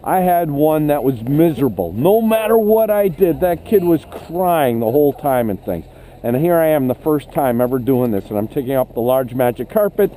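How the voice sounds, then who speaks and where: A man's voice: on the high side, lively intonation, normal speed, dark tone, a little hiss or hum. A man leading an instructor training session, asking the group questions and telling stories. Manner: conversational, asks the group questions, tells anecdotes. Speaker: ski instructor.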